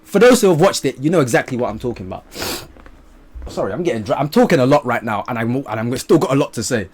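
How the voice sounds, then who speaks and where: Faint music plays behind a young man as he reviews a movie to camera for a casual vlog. He talks fast with a breathy edge, excited and animated, alternating loud outbursts with muttered asides and swearing freely.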